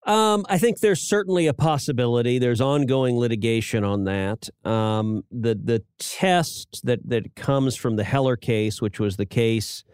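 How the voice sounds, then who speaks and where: A man's voice: medium pitch, a little slow, hardly any pauses, a little mellow, smooth, no echo, clean studio sound. A middle-aged man co-hosting a political podcast, talking casually with frequent stammered restarts and chuckles at his own jokes. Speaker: podcast co-host, senator.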